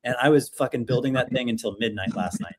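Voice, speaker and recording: A man's voice: mid-range voice, fast talker, slight background noise. A man in his thirties hosting a casual online showcase over a video call, talking in an upbeat, rambling way with lots of fillers. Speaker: livestream showcase host.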